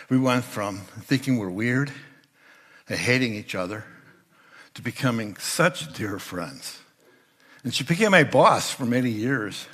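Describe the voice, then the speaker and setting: An older man with a medium-pitched voice tells stories in a sermon as a guest speaker in a church sanctuary. At times he loudly voices the people in his stories.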